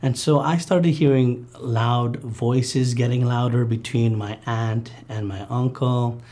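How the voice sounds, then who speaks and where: A man recounting a painful childhood memory in an interview, earnest and halting, with many fillers and restarts. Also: medium pitch, fairly even intonation, warm tone. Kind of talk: personal testimony interview.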